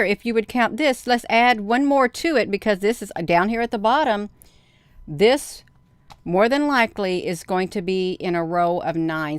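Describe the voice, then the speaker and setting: A middle-aged woman hosting a video, chatting casually to viewers, counting out loud and getting excited. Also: mid-range voice, smooth, dry recording. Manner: counts aloud, talks straight to viewers. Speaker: video host. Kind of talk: casual screen-share commentary.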